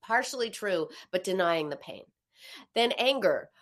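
A woman speaks in a voice of middle pitch, answering viewer questions in a live talk. She explains thoughtfully and often restarts phrases. She gets animated, acting out inner voices with big leaps in pitch. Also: a little slow.

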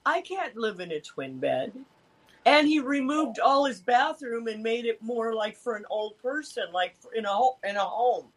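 A woman's voice: a little high, lively intonation, normal speed, low-quality recording. A woman in her fifties chatting in a rambling way over a video call. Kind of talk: casual chat.

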